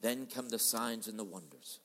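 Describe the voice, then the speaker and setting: A man's voice: lowish voice, normal speed. Man preaching in an echoey hall. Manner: dramatic preaching, acts out quoted voices, swings loud and soft. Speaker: pastor. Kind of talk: sermon. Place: large church hall.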